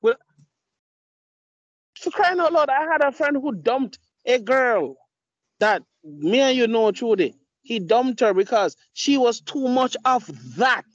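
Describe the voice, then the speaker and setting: A man's voice: very high voice, expressive, slow pace, dry recording. A man hosting a podcast, telling blunt, profane stories in casual chat. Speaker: podcast host. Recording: dull lo-fi mic.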